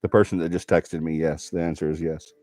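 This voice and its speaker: A man's voice: very deep voice, steady tone, brisk, mellow. A man hosting a paranormal livestream, chatting casually and reading out viewer comments in a folksy, laughing way. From Alabama.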